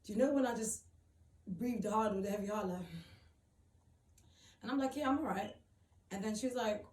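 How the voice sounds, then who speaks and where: A woman's voice: medium pitch, a little mellow. Emotional woman recalling hard times. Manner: halting, repeats phrases, many fillers. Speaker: vlogger telling her own story. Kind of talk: emotional personal storytelling. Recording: roomy, distant mic, faint background noise.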